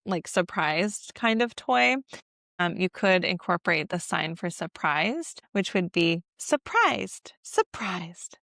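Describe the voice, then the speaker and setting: A woman's voice: on the low side, creaky, a bit bright, dry recording, studio quality. A woman in her thirties teaching baby sign language at home, slipping into sing-song baby talk to model each sign. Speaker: parenting educator.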